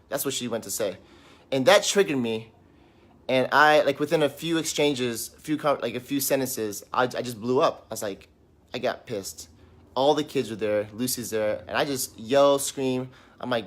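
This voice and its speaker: A man's voice: medium pitch, normal speed. Man in a raw, rambling confessional. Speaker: vlog host. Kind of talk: candid personal vlog. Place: at home, sitting on a couch.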